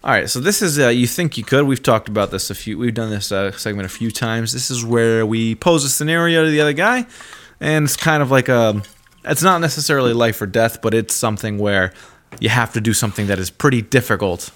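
A man's voice: mid-range voice, a little fast, a bit bright. A man co-hosting a podcast, talking casually and joking, with hesitant, restarting phrasing. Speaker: podcast co-host.

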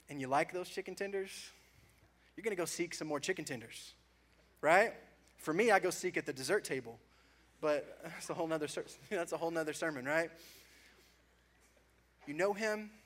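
A man's voice: a little high, a bit bright. A man in his thirties, a pastor preaching a sermon, telling self-mocking stories with frequent laughs before a congregation in church. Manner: joking, self-mocking storytelling, laughing often.

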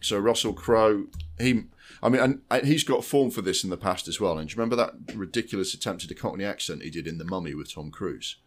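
Low-voiced man, blunt and sweary. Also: fast, few pauses. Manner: blunt, sweary, restarts a lot. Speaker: podcast co-host. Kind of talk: casual film chat.

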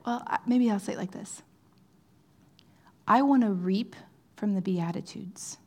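A woman giving an earnest, conversational sermon, often checking in with "right?" and sometimes dropping to a soft, near-whispered tone. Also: medium pitch, measured pace. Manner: drops to soft, near-whispered phrases at times. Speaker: pastor.

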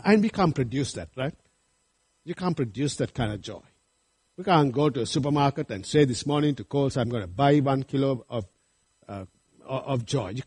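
A man's voice: on the high side, a little mellow, husky. A man preaching a sermon, earnest and rising to fervent appeals to his congregation. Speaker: pastor.

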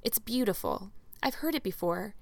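A woman's voice: medium pitch, animated, normal speed, creaky, a little mellow, no room sound. A talkative young orphan girl pours out her daydreams in long, gushing run-on sentences, read by a woman. She sounds imaginative and eager, and the voice is close and dry, with nothing of the room around it. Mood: rapturous. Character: dreamy talkative orphan girl, about eleven. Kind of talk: audiobook character reading.

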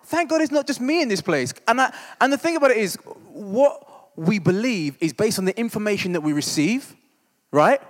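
High-voiced man preaching. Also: lively intonation, moderate pace, long reverb tail. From East End of London. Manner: conversational, self-deprecating, keeps asking "right?". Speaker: church discipleship leader. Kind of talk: humorous storytelling sermon.

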